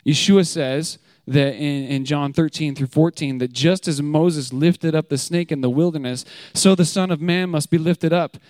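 A man's voice: on the high side, normal speed, hardly any pauses, no echo, studio quality. Candid conversational man giving a short teaching. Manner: conversational, candid, with frequent fillers and rhetorical questions; grows emphatic and animated when telling the story. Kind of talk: short sermon.

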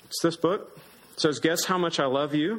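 A man's voice: normal speed, rough recording. Earnest male pastor preaching. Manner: earnest, rises in pitch for emphasis. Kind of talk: sermon.

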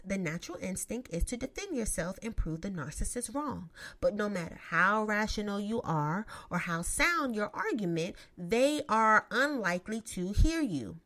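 Lively, sassy woman with a swooping voice. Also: medium pitch. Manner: profane, emphatic, sassy asides. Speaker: vlogger giving relationship advice. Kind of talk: casual advice monologue.

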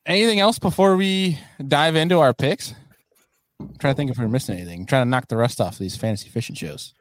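A man's voice: medium pitch, quick pace. A man hosting a casual fishing podcast, teasing the others in a jokey way. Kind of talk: casual chat.

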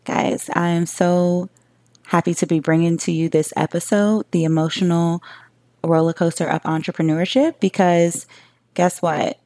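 A woman podcast host in her thirties talks straight to her listeners, chatty and emphatic. Her voice sits a little low for a woman. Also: steady tone, normal speed, warm tone. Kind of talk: solo podcast monologue.

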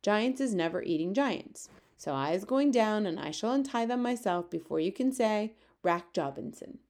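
A woman's voice: medium pitch, animated, normal speed, a little mellow, lightly acted. A woman voicing a kindly, friendly male giant who mangles his grammar in a storybook reading. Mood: explaining. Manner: cheerful, garbled folksy speech.

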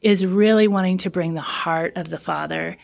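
A woman's voice: lowish voice, vocal fry, a little mellow. Earnest woman trauma counselor. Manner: earnest, slows down to stress points. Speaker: trauma counselor and center founder. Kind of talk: casual podcast interview.

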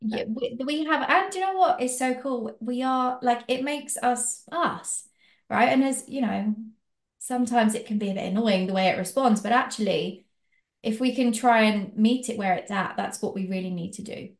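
A woman's voice: fairly high pitch, moderate pace, roomy sound. A woman co-hosting a casual podcast, encouraging and full of fillers. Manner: encouraging, filler-heavy, many "like"s. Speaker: podcast co-host.

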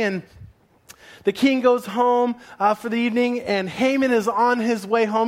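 A male pastor giving a sermon, retelling a story in an animated, dramatic way. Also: high voice, moderate pace.

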